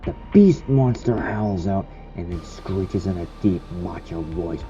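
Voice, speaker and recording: A man narrating a horror short story in a slow, dramatic storytelling manner. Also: sits low, lively intonation, warm tone, lo-fi sound, soft background music.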